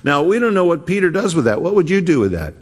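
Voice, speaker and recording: A man preaching a sermon, retelling scripture slowly and earnestly with frequent restarts. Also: fairly high pitch, sing-song, husky. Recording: long hall reverb.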